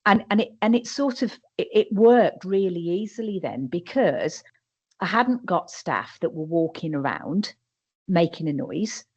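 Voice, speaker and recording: A woman's voice: lowish voice, expressive, a little slow, darkish tone, husky. Frank English woman on dull webinar audio. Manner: frank, emphatic, repeats words when starting sentences. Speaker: care home manager. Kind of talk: webinar panel talk.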